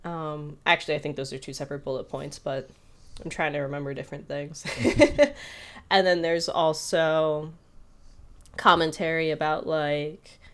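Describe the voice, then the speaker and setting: A woman's voice: low voice, normal speed. A woman co-hosting a podcast, telling a story in a rambling, casual way with lots of fillers. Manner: rambling with many fillers, animated retelling. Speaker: podcast co-host.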